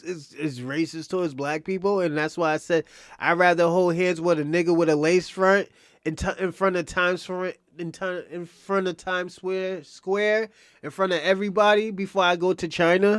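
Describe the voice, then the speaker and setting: A man's voice: high-pitched, clear, resonant tone, no room sound, clean studio sound. A man hosting a livestream in casual talk, rambling and profane, repeating himself and needling viewers by nickname. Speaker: livestream host. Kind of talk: casual livestream commentary addressing chat.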